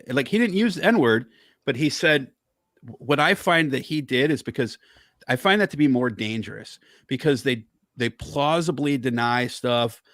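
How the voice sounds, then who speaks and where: Man guest, mid pitch, dry sound, fired-up storyteller swearing freely. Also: fairly bright tone, no room sound. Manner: heated, profane storytelling. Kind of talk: casual chat.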